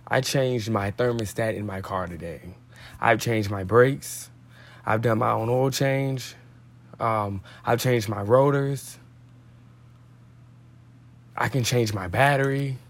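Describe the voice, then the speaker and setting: A man's voice: mid-range voice, slow pace, long pauses, a bit bright. A man hosting a podcast, reading a daily devotional in a casual, slangy way with tangents. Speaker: podcast host.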